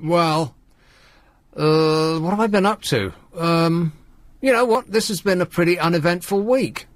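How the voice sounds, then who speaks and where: In a radio studio, a man hosts a late-night phone-in, chatting wryly and rambling while laughing easily with callers. His voice is fairly high and unhurried, with no room sound.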